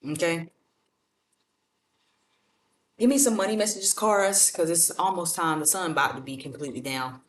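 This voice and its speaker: A woman's voice: on the low side, moderate pace, pauses often, slight background noise. A woman doing a casual tarot reading, blunt and profane in a motivational way. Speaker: tarot reader. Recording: roomy echo, mic at a distance.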